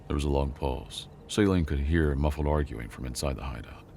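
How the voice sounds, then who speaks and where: Male narrator for a sci-fi audio story, very deep gravelly voice, measured reading, faint noise underneath. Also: mellow.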